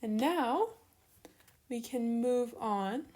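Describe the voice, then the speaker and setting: A woman's voice: a little high, lively intonation, extremely slow, a little mellow. Patient young woman teaching grammar. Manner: patient, step-by-step explaining while writing. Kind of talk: recorded online grammar lesson.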